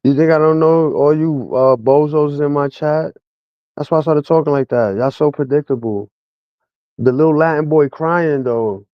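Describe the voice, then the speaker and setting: A man's voice: a little high, normal speed, no room sound, lo-fi sound. A man livestreaming a casual rant at his chat in a mocking, slang-heavy way.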